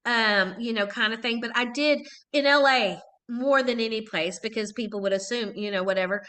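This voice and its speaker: A middle-aged woman from Texas with a high, bright, ringing voice chats as an interview guest. She tells her stories with animation and laughs often, slipping into the voices of the people she quotes. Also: moderate pace. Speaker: guest actress. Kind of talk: casual interview chat.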